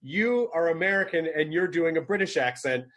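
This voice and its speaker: Husky-voiced man hosting a casual chat. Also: a little high, lively intonation, normal speed, fairly bright tone. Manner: chatty, laughs easily. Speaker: podcast host.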